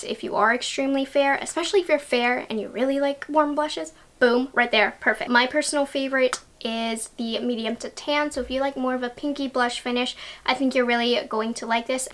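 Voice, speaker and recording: A woman's voice: high-pitched, fairly bright tone. A young woman chatting casually and enthusiastically as she reviews beauty products, laughing at herself now and then.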